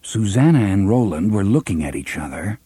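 A man narrating an audiobook with an expressive, varied delivery, close to the mic. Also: fairly low pitch, brisk, slightly rough, no room sound. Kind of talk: scripted narration.

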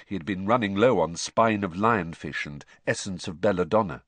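A man reading an audiobook narration in an expressive storytelling manner. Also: low voice, moderate pace, no echo.

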